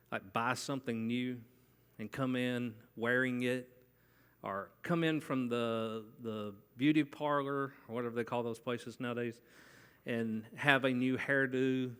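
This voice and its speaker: Preaching in a church sanctuary, a man talks conversationally and frequently asks the congregation questions. His medium-pitched voice has a sharp, clean tone, and a long church hall reverb surrounds it.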